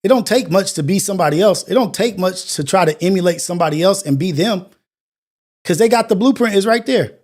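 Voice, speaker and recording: High-pitched dude hosting a morning show, earnest and preachy, keeps repeating himself. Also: male voice, animated, a little fast, a little mellow. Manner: earnest, preachy, repetitive phrasing. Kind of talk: motivational monologue.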